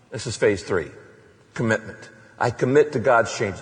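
A male pastor preaching a sermon, animated, acting out passionate prayers to his congregation. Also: medium pitch, normal speed, big-room sound.

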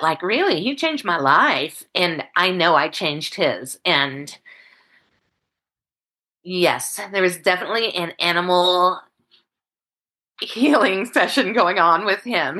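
A woman telling a personal story in an interview, candid and halting, choked up and close to tears, speaking over a video call. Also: on the low side, lively intonation, pushed and bright. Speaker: guest.

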